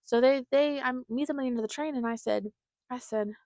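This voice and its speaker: A woman's voice: high-pitched, a little fast, a little mellow, dry recording. A woman hosting a podcast, telling a rambling, chatty story and acting out what her family said. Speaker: podcast host. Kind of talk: casual storytelling monologue.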